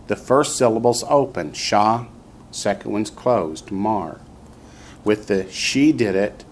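A man's voice: on the low side, slight background noise. A man teaching a classroom lesson, patiently drilling students and repeating each word for them to copy. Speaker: Hebrew teacher. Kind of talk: classroom instruction.

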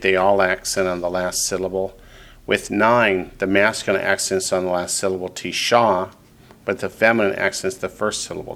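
A male teacher with a somewhat low-pitched voice leads a classroom lesson. He echoes each student's answer back to them, then explains the point patiently and step by step. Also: vocal fry, a bit bright. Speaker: Hebrew teacher.

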